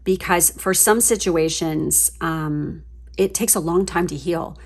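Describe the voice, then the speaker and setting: A woman giving a casual tarot reading to her viewers, chatty and gushing, swearing freely as she gets excited. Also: fairly low pitch, slow. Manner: chatty, with fillers and trailing asides. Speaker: tarot reader.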